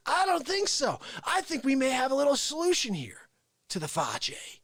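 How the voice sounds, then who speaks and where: A man hosting a live show, telling an animated story and acting out quotes, dropping into whispers and then shouting. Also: very high voice, normal speed, dry recording. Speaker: host of a daily live variety show. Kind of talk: unscripted live-stream monologue. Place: small room with speaker and organ.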